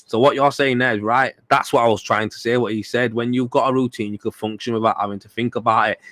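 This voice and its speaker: A man's voice: medium pitch, steady tone, fast talker, a bit bright, no room sound. A tired man hosting a casual livestream podcast, talking bluntly and swearing freely, rambling with lots of repeated fillers. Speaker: podcast host.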